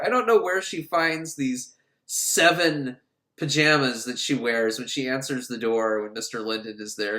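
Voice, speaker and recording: A man's voice: on the high side, a bit bright. A man giving a rambling, profane, sarcastic comic recap of a film. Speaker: film reviewer. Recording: echoey room.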